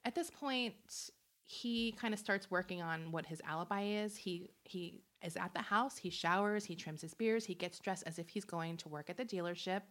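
A woman's voice: fairly low pitch, normal speed, fairly bright tone. A woman hosting a podcast, casually telling a true-crime story, chatty and laughing often, acting out quotes. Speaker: podcast host.

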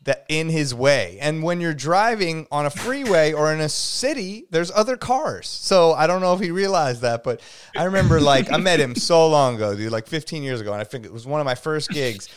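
A man hosting a podcast in casual chat, an animated storyteller who acts out quotes loudly and laughs often. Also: fairly high pitch, brisk, smooth. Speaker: podcast host.

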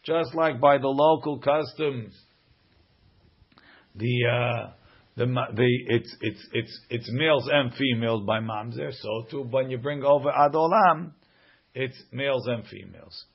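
A man's voice: mid-range voice, measured pace, creaky, dull audio. A man teaching a Talmud lesson, reading each Aramaic line aloud and then translating it.

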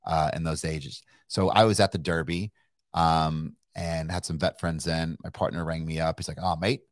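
Middle-aged man from Kentucky, very low voice, dry close sound; animated, profane storyteller full of restarts. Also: moderate pace, no room sound. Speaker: guest entrepreneur. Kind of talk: casual storytelling interview.

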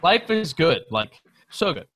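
A young man with a bright, forceful voice tells a story in a loose, rambling way, full of swearing and filler words. His delivery is casual and animated, the tone of a podcast chat between friends. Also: fairly high pitch, unhurried, a little hiss or hum. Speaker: guest telling a story.

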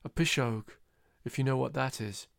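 A man's voice: medium pitch, normal speed, creaky, a bit bright, no room sound, studio quality. A man reading the lines of a scornful, blunt male drinker. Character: gruff scornful male patriot in a pub.

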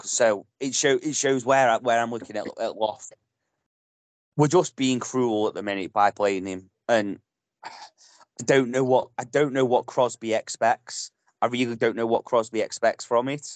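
Man, mid pitch, blunt fan-pundit who swears, dry close sound. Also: no room sound. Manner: blunt, passionate, swears freely. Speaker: podcast co-host. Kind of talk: casual football podcast chat.

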